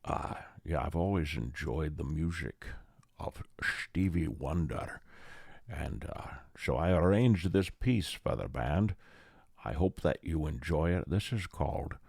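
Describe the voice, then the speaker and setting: A man's voice: a bass voice, animated, unhurried, vocal fry, a little mellow, breathy edge, dry recording, clean studio sound, full character voice. A man doing an impression of Sean Connery, a suave older actor, with an imitated Scottish accent and a slurred, lisping delivery.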